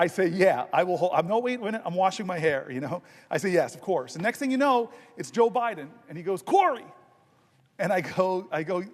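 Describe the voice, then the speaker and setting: A man in his fifties giving a long, conversational floor speech as a senator, telling stories with halting restarts. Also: high voice. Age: 50s. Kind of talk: marathon floor speech, storytelling. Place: large legislative chamber. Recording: long chamber reverb.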